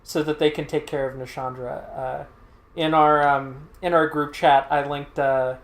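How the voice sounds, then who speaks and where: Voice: medium pitch, flat delivery, a little slow, roomy sound. A let's play host casually recapping a game's story, full of fillers and hesitations. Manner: hesitant, many fillers, explains patiently.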